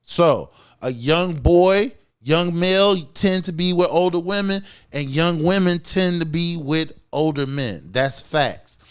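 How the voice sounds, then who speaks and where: A blunt man co-hosting a casual podcast, his voice sitting somewhat high for a man. He lays out his opinions emphatically and profanely, and keeps checking that his listener follows him. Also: slow, clear, resonant tone. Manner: blunt, profane, emphatic, keeps asking "you feel what I'm saying". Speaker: podcast co-host.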